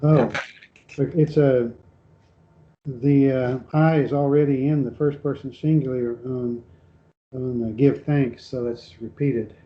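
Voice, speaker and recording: A man's voice: mid-range voice, steady tone, slow. A man in a Bible class carefully and hesitantly reading Greek words aloud and answering the teacher. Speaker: class member. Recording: dull lo-fi, off-mic in a room.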